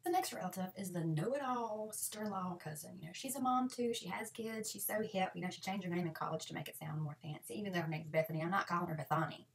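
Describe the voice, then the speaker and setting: Sarcastic fast-talking woman. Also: lowish voice, vocal fry, far from the mic, a little hiss or hum. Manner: sarcastic, lively, switches into mock voices. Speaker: comedy vlogger. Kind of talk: comic advice monologue.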